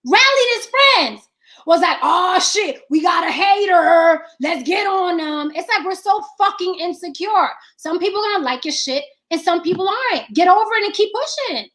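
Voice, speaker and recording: A woman with a high voice chatting casually about making films. She talks bluntly and profanely, hammering her points with repetition. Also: big pitch swings, moderate pace, fairly bright tone. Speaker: filmmaker. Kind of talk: casual chat.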